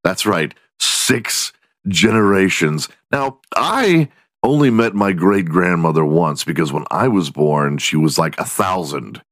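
Man, low voice, lively pitch swings, profane comic rant, dry close mic. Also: unhurried, no room sound. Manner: profane, laughs at his own jokes, slips into mock voices. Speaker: podcast host. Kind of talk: crude comedic news rant.

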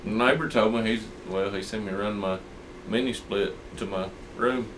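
A man's voice: fairly low pitch, steady tone, moderate pace, fairly bright tone, a little hiss or hum, poor audio. A man co-hosting a podcast, rambling and laughing in casual chat. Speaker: podcast co-host.

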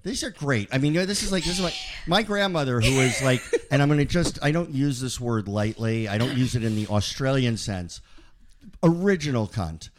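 A man with a New Jersey accent, co-hosting a casual podcast and telling profane, animated stories. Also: mid-range voice, brisk, a little hiss or hum. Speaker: podcast co-host.

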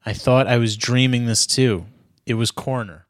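A man's voice: medium pitch, steady tone, moderate pace, no echo, studio quality. A man reading a melodramatic story aloud in a mock-serious tone, stopping now and then to joke with a co-host. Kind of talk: dramatic reading with banter.

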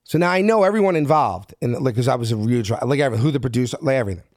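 A man's voice: medium pitch, animated, very fast, a little mellow, no room sound, studio quality. A middle-aged man from South Philadelphia with a Philly accent, telling a story and acting out each person in it in street-smart talk. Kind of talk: animated storytelling.

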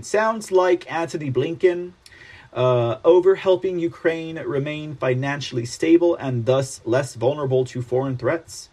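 A man hosting a political news commentary show, reading articles aloud and mocking them in an animated, sarcastic manner. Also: a little high.

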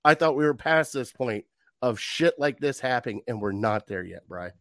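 A man ranting in a worked-up, animated way in a casual sports chat. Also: mid-range voice, normal speed, no room sound, studio quality.

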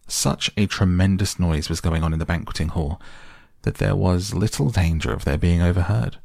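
A man reading a classic storybook softly as a bedtime audiobook, slow and even. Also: deep voice, gravelly, no echo, studio quality.

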